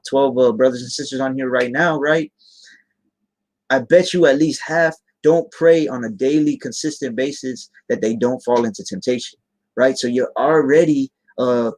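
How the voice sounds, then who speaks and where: A young man gives an informal live-stream sermon, speaking casually but earnestly. He keeps asking "right?" to check that his listeners follow, and he slows down to read scripture. His voice sits at an ordinary middle pitch. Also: darkish tone. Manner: reads scripture aloud in a slower voice.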